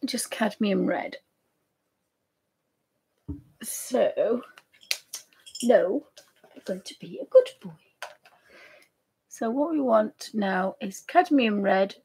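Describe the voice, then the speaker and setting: A woman's voice: medium pitch, lively intonation, extremely slow, long pauses, a little mellow, a little hiss or hum. A woman hosting a live painting tutorial stream, chatty and easily amused, with apologetic asides to her viewers. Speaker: art demonstrator.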